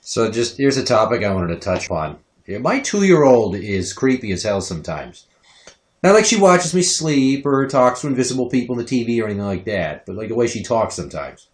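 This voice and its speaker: Thirties man hosting a podcast: crude, animated anecdotes, mid-pitched, echoey basement sound. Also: brisk. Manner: profane, animated storytelling. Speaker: podcast host. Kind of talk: casual chat. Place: home basement. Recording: roomy echo.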